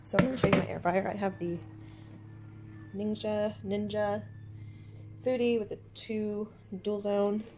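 A middle-aged woman chatting casually through a home cooking demo, upbeat and thinking out loud with fillers. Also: medium pitch, brisk, hardly any pauses, soft background music. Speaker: home cook vlogger. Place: home kitchen.

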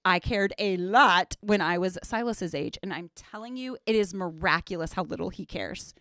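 A woman in her forties, pregnant, cohosting a podcast in casual chat, candid and quick to laugh, often trailing off mid-thought. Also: lowish voice, fairly bright tone, dry recording, studio quality. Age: 40s.

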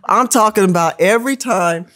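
Animated storytelling woman, laughing often. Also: medium pitch, moderate pace. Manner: lively, laughs often, acts out quoted voices. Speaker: podcast guest.

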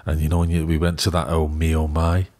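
A middle-aged man with a thick Liverpool accent spills out stories in an excitable, rambling rush. His voice sits very low and his words tumble out quickly, as he chats casually on a podcast. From England. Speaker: youth football scout.

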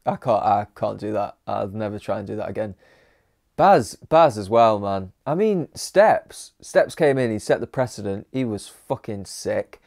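A man's voice: fairly low pitch, animated, unhurried, gravelly, darkish tone, no echo, clean studio sound. A man hosting a music reaction video, talking casually, joking and swearing freely.

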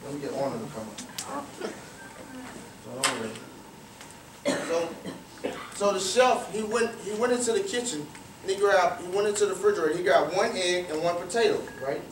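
Addressing a young audience in a large hall, this male guest speaker from a youth cricket academy delivers an expressive, high-pitched motivational story at a moderate pace, leaving long pauses. He quizzes the kids with questions and repeats phrases to drive points home. Slight background noise and faint ambience come through a distant, roomy recording.

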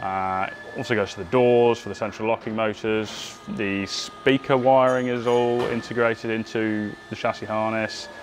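A man's voice: on the low side, fairly even intonation, a little slow, few pauses, soft background music. A man presenting a casual, chatty workshop update on a car build, upbeat and joking at his own expense. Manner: chatty and upbeat, self-deprecating jokes.

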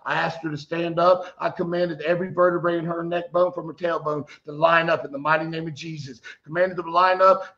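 A man preaching a fervent sermon, getting loud and exclaiming, telling stories with quoted dialogue. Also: on the high side, dull audio.

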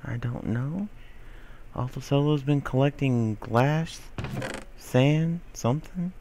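A man's voice: medium pitch, slow pace, mellow, slight background noise. A young man giving casual commentary over his gameplay, rambling to himself and swinging between mock whining and mumbling. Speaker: gaming video host.

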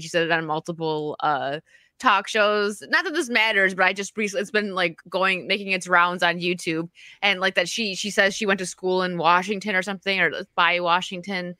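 A woman chatting on a podcast panel in a rambling, filler-heavy way. Her voice sits low for a woman but sounds bright and forward. The recording is dry and close. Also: a little fast, no room sound. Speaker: podcast host. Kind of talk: casual chat.

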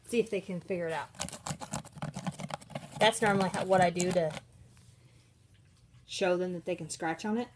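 A woman narrating her pets at home while filming on a handheld phone, chatty and giggly, slipping into squeaky voices for the animals. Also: a little slow, long pauses, noisy background. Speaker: pet vlogger. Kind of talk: casual off-camera narration of pets. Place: indoors at home. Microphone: handheld phone camera.

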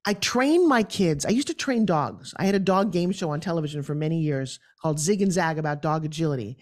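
A middle-aged woman speaking as a guest in an interview, telling lively stories and acting out other people's voices. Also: fairly quick. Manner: acts out quoted voices with big pitch jumps. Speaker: guest, pitch expert. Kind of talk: animated storytelling interview.

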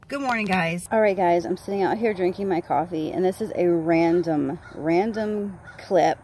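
A woman's voice: on the low side, a bit bright. A woman in her thirties from the United States, chatting animatedly to the camera in a casual vlog. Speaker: vlogger.

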